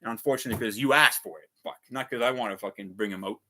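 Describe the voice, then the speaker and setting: A man's voice: lowish voice, rapid-fire, bright, forceful tone. A man ranting heatedly on a casual livestream, swearing often and repeating himself. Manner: heated, profane, repetitive ranting. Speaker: vlogger.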